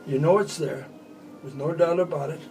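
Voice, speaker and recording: A man's voice: on the high side, normal speed, gravelly, darkish tone, slight background noise, low-quality recording. A man in his eighties, a magician, chatting at home and telling rambling jokes between tricks. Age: 80s. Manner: joking, rambling storyteller. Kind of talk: casual chat with demonstrations.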